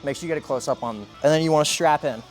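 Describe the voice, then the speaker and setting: Young guy rattling off fake gym tips, deadpan, quick, music playing behind. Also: on the high side. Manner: fast deadpan mock-serious patter. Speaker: fitness parody host. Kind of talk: mock fitness tutorial. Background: background music.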